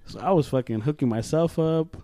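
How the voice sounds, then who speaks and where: Young guy on a podcast, swears a lot, acts out stories, kinda high voice, dry close sound. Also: fairly quick, no room sound. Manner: profane, animated storytelling with acted quotes. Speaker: podcast co-host. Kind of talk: casual chat.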